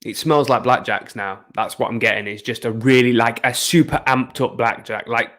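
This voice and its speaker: A man's voice: mid-range voice, steady tone, moderate pace, fairly bright tone. Rambling man reviewing scents. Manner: rambling, repeats words while searching for descriptions. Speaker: fragrance reviewer. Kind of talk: casual chat.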